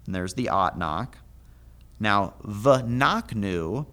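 Slow, low-voiced man teaching Hebrew. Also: a bit bright. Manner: methodical, reads the verses slowly aloud. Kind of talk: Bible language lesson.

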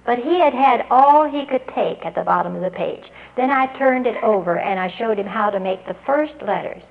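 A woman's voice: on the high side, animated, creaky. Woman telling a teaching story, tinny recording. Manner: earnest, spells out letters and sounds slowly. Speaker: literacy teacher giving a talk. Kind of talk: storytelling address to an audience.

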